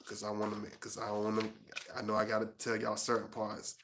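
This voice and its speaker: A man talks to his viewers in a bright, edgy voice that stays on a narrow, even pitch. His chat stumbles and restarts often. When he reads his own prose, he slows down and turns hushed. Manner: halting, with many restarts while chatting; slow and hushed when reading his prose. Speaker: author and channel host. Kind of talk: casual livestream chat and reading aloud.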